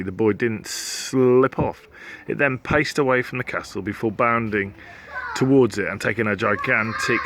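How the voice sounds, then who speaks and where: A man's voice: mid-range voice, a bit bright, a little hiss or hum. A man reading a children's storybook aloud as a teacher, playful, acting out sound effects and joking with his listeners.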